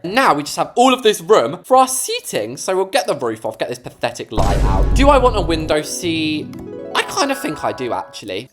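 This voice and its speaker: A young man of eighteen gives chatty game-building commentary, talking straight to his viewers. His voice swoops up and down with plenty of life and cracks now and then. Soft music plays faintly behind him. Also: medium pitch. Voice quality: occasional voice cracks. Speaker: gaming YouTuber.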